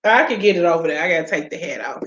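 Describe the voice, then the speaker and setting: A woman, talking casually to her viewers in a blunt, profane, animated way. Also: lowish voice, racing. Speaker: spiritual practitioner vlogger. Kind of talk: casual livestream chat. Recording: roomy, dull lo-fi sound.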